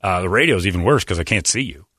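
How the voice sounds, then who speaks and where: A man's voice: deep voice, expressive, fast talker, sharp tone, breathy edge, no echo, clean studio sound. A middle-aged man hosting a radio show, talking in a blunt, sarcastic, rambling way. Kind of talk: casual talk radio banter.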